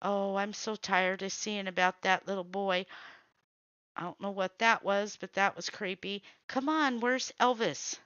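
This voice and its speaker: A woman hosting a casual show, giving blunt running commentary and waving off what she doesn't like. Her voice is bright, smooth and crisp, and she speaks unhurriedly. The sound is dry and a little dull, like a simple home setup. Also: medium pitch, fairly even intonation, no echo. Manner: blunt, reactive, quick to say nope. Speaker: host. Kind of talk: casual running commentary while scrolling videos.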